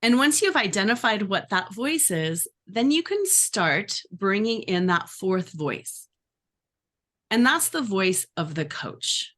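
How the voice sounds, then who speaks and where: Animated woman coaching a workshop. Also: mid-range voice, takes it slowly. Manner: animated, acts out inner voices. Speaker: life coach. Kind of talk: workshop teaching.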